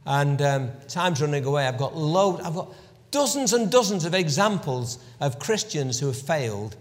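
A man preaching a sermon, telling the story with lively emphasis and dropping to a hushed voice for reflection, often clearing his throat. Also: a little high, moderate pace. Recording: long hall reverb.

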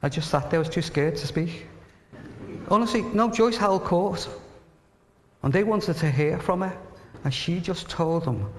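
A man preaching a sermon, earnest and emphatic, telling stories and dropping to a hush at tender moments. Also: on the high side, unhurried, a little hiss or hum. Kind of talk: sermon with storytelling. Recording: reverberant hall.

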